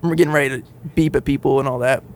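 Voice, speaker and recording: A man co-hosting a podcast, telling a story in casual chat, animated and swearing freely as he laughs along. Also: medium pitch, rapid-fire. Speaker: podcast co-host.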